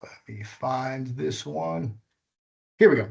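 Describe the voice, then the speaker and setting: This male workshop instructor has a mid-range, creaky voice and speaks slowly, with the high frequencies cut off in the recording. He guides a live coding class step by step, patiently, and catches and corrects his own mistakes.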